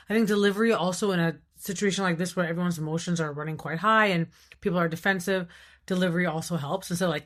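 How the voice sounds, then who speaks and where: A woman with a thick, raspy voice, hosting a podcast and giving animated, casual commentary on a reality TV show. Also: lowish voice. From Iran. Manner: animated, enunciating, quick asides and acted-out quotes. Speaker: podcast host.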